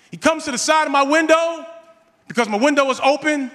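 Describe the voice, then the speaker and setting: A man preaching a sermon, telling a personal story with animated delivery and calling on the congregation. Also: very high voice, a little fast, long reverb tail.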